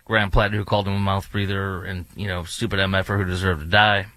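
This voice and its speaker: A male host delivers pointed political commentary with a sarcastic, mocking edge. His voice is bright and forceful. The sound is close and dry, with no room around it. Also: deep voice, little pitch movement, fast talker, no room sound. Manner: sarcastic, mocking, rambling asides. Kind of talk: opinionated talk radio commentary.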